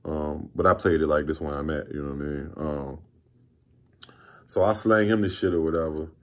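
A man's voice: very deep voice, steady tone, moderate pace. A man in his thirties from Virginia telling a story in a rambling, laid-back way, with lots of profane slang. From Virginia, USA. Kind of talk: casual storytime vlog.

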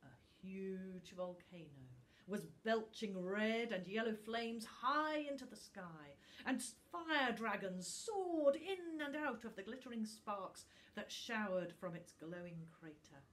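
A woman reading a children's storybook aloud slowly and expressively. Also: medium pitch. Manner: slow and expressive.

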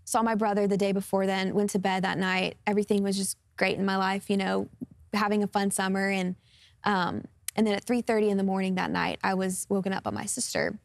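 Earnest young woman with a gravelly voice. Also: mid-range voice, little pitch movement, brisk, no room sound, clean studio sound. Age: about 20. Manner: earnest and open, with frequent fillers like "um" and "like". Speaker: guest singer sharing her testimony. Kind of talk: personal testimony in a studio interview.

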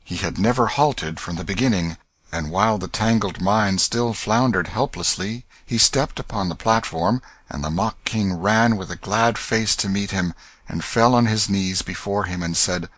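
A man narrating an audiobook with measured storybook reading. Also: on the low side, fairly bright tone, no room sound. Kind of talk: scripted narration.

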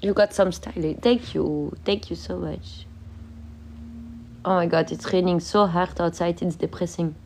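A woman's voice: fairly low pitch, steady tone, unhurried, vocal fry, darkish tone, slight background noise. A young woman, sick, chatting casually on a livestream from her bedroom, reading out viewer comments and laughing often.

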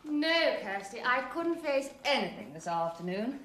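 An actress playing a restless, bored aristocratic lady, speaking in a breathy, languid, coaxing way in a 1970s television drama. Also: on the high side, sing-song, a little slow, a bit bright, a little hiss or hum. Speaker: lady of a Scottish estate.

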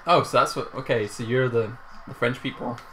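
Brief: young male gamer, bright and forceful tone, loud outbursts at the screen. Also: medium pitch, brisk, a little hiss or hum. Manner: excitable, swears and yells at the game. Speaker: co-host gamer. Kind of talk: casual let's play banter.

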